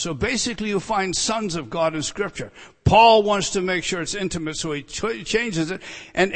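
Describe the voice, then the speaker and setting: A high-pitched man preaches with heavy emphasis, punching key words and then sinking into hushed asides. His voice rings through a large hall with a long reverb tail. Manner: emphatic, drops to quiet asides. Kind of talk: expository sermon.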